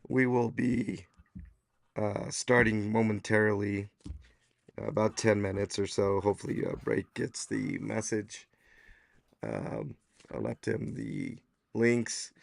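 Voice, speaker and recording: A man hosting a casual podcast livestream, hoarse and losing his voice, rambling with lots of fillers. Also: on the low side, steady tone, slow pace, dry recording. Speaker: podcast host.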